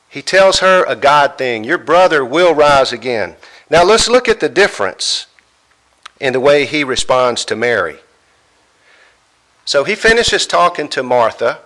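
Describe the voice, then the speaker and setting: A male preacher delivers a sermon in a slow, deliberate rhythm. His voice is bright and forceful, and he leans on dramatic pauses as he quotes scripture. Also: medium pitch.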